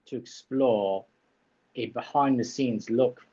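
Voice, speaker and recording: A man's voice: medium pitch, expressive, normal speed, dull audio. A man hosting a livestream, chatting playfully and teasing his guest while putting on a silly accent. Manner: jokey, put-on silly accent, teasing banter. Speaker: livestream host.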